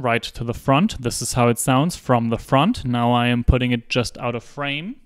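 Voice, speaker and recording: A man's voice: medium pitch, moderate pace, few pauses, dry recording. A man methodically demonstrating microphones indoors, narrating each step as he talks into handheld and desk mics from changing distances. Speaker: video creator testing microphones. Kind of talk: explanatory gear demonstration. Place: indoor room.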